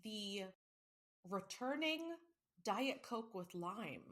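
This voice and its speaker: A woman's voice: mid-range voice, lively intonation, very slow, fairly bright tone. A woman co-hosting a casual book podcast, chatty and self-mocking, swearing now and then. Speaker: podcast co-host. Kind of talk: casual chat.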